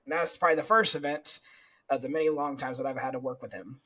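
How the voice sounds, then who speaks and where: Husky laughing storyteller man. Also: medium pitch, quick pace, pushed and bright, poor audio. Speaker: podcast co-host, corrections officer. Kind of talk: casual storytelling chat.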